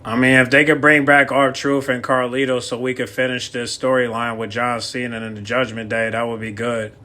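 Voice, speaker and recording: Bright-voiced man giving casual reaction commentary. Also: medium pitch, flat delivery, normal speed. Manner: loose, offhand, with hesitant fillers. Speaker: host reacting to a video.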